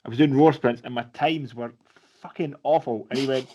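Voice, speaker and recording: A man's voice: medium pitch, steady tone, racing, a little mellow. A man hosting a podcast, chatting in a rambling way with casual swearing and fillers. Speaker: podcast host. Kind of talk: casual chat. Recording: slightly dull lo-fi sound.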